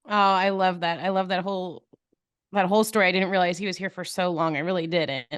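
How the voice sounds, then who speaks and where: A woman's voice: on the low side, fairly even intonation, brisk, fairly bright tone, smooth, dry recording, clean studio sound. A woman co-hosting a podcast in casual chat, encouraging her co-host as she listens.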